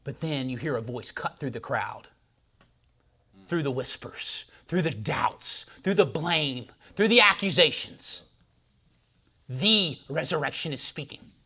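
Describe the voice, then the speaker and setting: A man preaching a sermon, swinging between loud proclaiming and hushed, dramatic storytelling. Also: a little high, animated, a little slow, husky.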